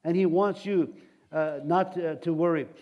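A man's voice: a little high, steady tone, moderate pace, highs cut off. A man preaching a sermon, retelling scripture stories and acting out the quotes, with frequent restarts. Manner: storytelling, acts out quotes, rambling restarts.

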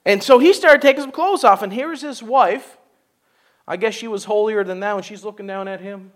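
A man preaching a sermon, animated and joking, with folksy asides and laughter. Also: high-pitched, moderate pace. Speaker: pastor.

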